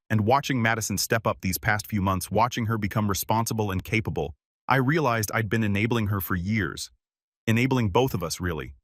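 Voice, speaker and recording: Male story narrator, low and calm, even scripted delivery, dry close-mic sound. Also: brisk, dry recording.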